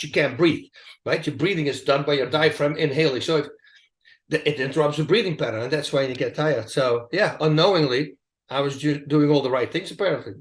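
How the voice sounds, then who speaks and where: Animated man telling fight stories. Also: on the high side. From Netherlands. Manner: animated, emphatic storytelling with asides. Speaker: interview guest, retired fighter. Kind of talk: casual storytelling interview. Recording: echoey room.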